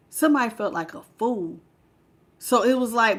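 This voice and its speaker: Woman reading tarot live, pretty high voice, gets emotional. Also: normal speed. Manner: emotional, expressive, greets live chat. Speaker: tarot reader.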